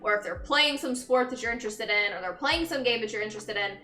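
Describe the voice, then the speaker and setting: A woman's voice: a little high, fast, bright, forceful tone. A young woman streaming casually, chatting with viewers, laughing often and greeting them upbeat. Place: empty room, indoors. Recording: echoey empty room.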